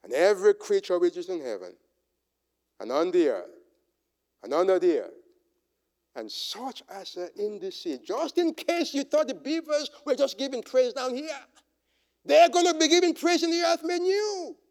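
A male pastor preaching a sermon and altar call, swinging from hushed whispers to shouted proclamations. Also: extremely high pitch, lively intonation, moderate pace. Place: church sanctuary.

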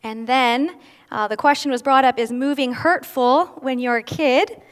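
A woman's voice: high voice, normal speed, clear, resonant tone. A woman giving a candid personal testimony at a church service, with self-deprecating humor. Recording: long reverb of a large hall.

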